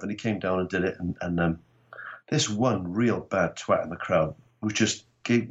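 A Welsh man telling rugby and comedy stories in casual chat, animated and swearing freely. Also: lowish voice, muffled recording. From Wales. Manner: animated storytelling, swearing, acting out quotes. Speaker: guest comedian.

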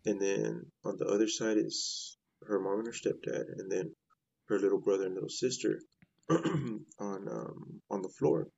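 A low-pitched man with a gravelly edge recounts a strange night in a slow, rambling way. He keeps looping back through "I was like" as he talks. The recording is dull and lo-fi. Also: a little mellow. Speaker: guest sharing a paranormal story. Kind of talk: casual storytelling.

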